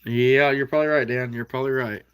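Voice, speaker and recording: Bright-voiced folksy Midwestern man. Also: mid-range voice, fairly even intonation, fast, clean tone. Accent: American Midwest. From Iowa. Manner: easygoing, folksy, chuckles often. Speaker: livestream host reading viewer comments. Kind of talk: casual livestream chat.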